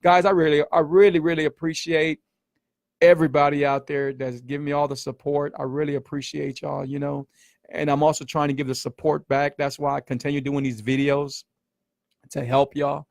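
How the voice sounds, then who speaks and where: A man's voice: on the high side, little pitch movement, moderate pace, creaky, darkish tone, no room sound, studio quality. A middle-aged man, hosting a casual livestream as a keto coach, emphatic and repetitive, peppering his talk with man and y'all. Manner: emphatic, repeats himself, says man and y'all often. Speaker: keto coach and show host.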